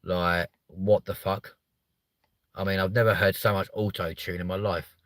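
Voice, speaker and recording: A young man hosting a live comedy stream from a car, sweary and mocking, jumping from loud outbursts to muttered asides. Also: low voice, level tone, moderate pace, dry recording. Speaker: host of a live stream show. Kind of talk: crude comedic live chat.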